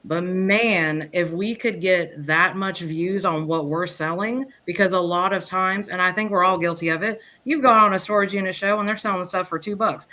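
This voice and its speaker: A woman guest on a podcast, chatting casually in a rambling, lively way and often restarting her sentences. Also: on the low side, moderate pace, few pauses. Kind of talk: casual chat.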